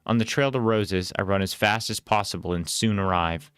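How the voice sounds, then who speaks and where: A man reading a storybook aloud in a plain, unhurried way with small casual asides. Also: lowish voice, fairly bright tone, clear, resonant tone, no room sound, clean studio sound.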